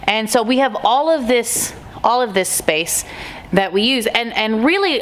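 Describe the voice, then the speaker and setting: A woman talks openly and a little haltingly in a casual vlog, stopping to restart her thoughts. She walks through the small shop she co-owns. A faint hum of store ambience sits behind her. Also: medium pitch. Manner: candid, rambling with restarts. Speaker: vlog host, store co-owner. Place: inside a small retail store.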